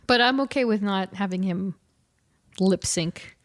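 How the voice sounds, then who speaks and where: A woman in her forties, mid-range in pitch, co-hosts a laid-back podcast chat. She tells her stories with animation and corrects herself quickly as she goes.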